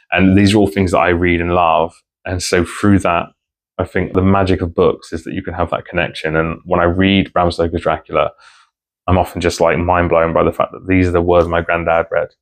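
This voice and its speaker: A man vlogging about books in a rambling, heartfelt casual chat to camera. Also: sits low. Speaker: book vlogger.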